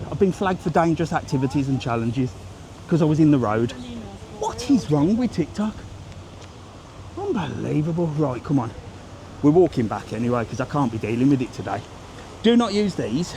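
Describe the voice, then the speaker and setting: A man's voice: a little high, very animated, normal speed, long pauses, darkish tone, a little hiss or hum. A blunt, sweary man, chatting casually as he walks a seaside street for his travel vlog, filmed on a handheld phone. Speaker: travel vlogger. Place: outdoors on a windy seaside street.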